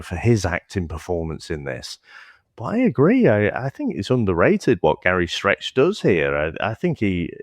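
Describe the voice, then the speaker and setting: A man's voice: low-pitched, no room sound. A man with a Northern English accent co-hosting a film podcast, talking things through thoughtfully, with stammered starts and casual swearing. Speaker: podcast co-host. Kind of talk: casual film review chat.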